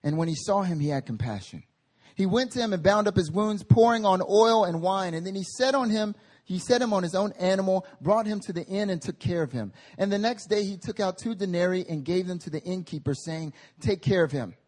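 Man, sermon, fairly high voice, husky edge, lively, joking asides. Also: a little fast. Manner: animated and conversational, with humorous tangents. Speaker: preacher. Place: meeting hall.

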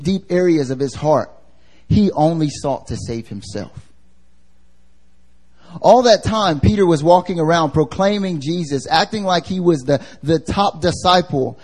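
A man's voice: on the high side, a little mellow, husky. Casual, slangy man preaching a sermon. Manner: casual and slangy, asks the congregation questions. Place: church service.

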